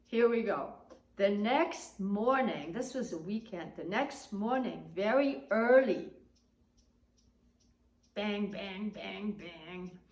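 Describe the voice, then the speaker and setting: Older woman, oral history teller, conversational with quiet trailing ends; roomy echoey recording. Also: mid-range voice, animated, takes it slowly. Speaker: storyteller. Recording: roomy echo.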